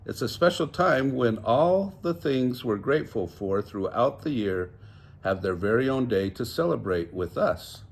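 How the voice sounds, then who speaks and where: A man's voice: medium pitch, expressive, measured pace, husky. An older man voicing a polite, cheerful young boy who tries to sound grown-up. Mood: earnest.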